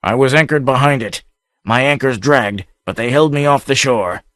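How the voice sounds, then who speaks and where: A man's voice: mid-range voice, moderate pace, fairly bright tone, no room sound, clean studio sound, voice pushed up, lightly acted. A man voicing a bold, swaggering pirate captain who bellows and mocks, in an audiobook reading. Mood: taunting. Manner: bellowing, mocking.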